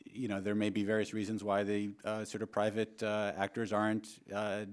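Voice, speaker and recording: A man's voice: lowish voice, completely flat delivery, normal speed, smooth. A man testifying at a hearing, answering with lots of "you know" and "sort of". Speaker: economist witness.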